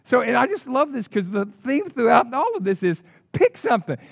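An older man preaching a sermon in an animated storytelling way, with casual slang. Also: very high voice, fairly quick, creaky, no room sound. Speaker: pastor. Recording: dull lo-fi dry recording.

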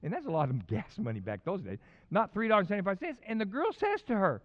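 A man's voice: sits high, sing-song, fast, lo-fi sound. A man preaching a sermon as pastor, telling rambling personal stories with many restarts.

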